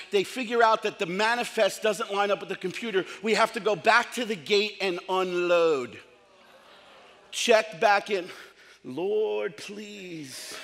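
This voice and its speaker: A middle-aged man preaching a sermon as pastor, telling comic stories in an animated way and acting out quotes. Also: high-pitched, big-room sound. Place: large church hall.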